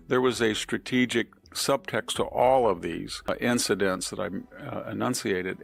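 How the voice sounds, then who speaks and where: An older man giving unscripted political commentary, measured and methodical, ticking through points with restarts and pauses. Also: fairly low pitch, creaky.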